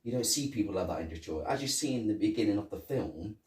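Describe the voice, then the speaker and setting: A man co-hosting a podcast, chatting casually about a film and acting out lines from its scenes in an animated way. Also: on the low side, fast. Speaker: podcast co-host. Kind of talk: casual film review chat. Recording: echoey room, mic at a distance, faint hiss.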